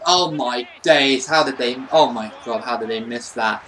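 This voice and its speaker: A young man with a mid-range voice, speaking at a moderate pace in a pushed, bright tone, records casual commentary on a football video game as a gaming YouTuber. Frustrated, he swears and rants at the computer opponent. The audio is poor, with a little hiss or hum.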